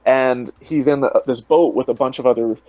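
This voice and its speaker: A man's voice: medium pitch, fairly even intonation, moderate pace, darkish tone, dry recording, dull audio. A man talking as a guest in a casual online debate, rambling and full of "you know" fillers over a video call. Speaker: guest, atheist video creator.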